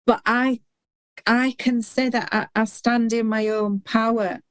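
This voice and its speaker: A woman's voice: fairly high pitch, flat delivery, measured pace, smooth, no echo. A middle-aged woman speaking as a podcast guest, earnest and heartfelt, often restarting words as she talks. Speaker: guest, intuitive healer and hypnotherapist. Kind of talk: candid podcast conversation.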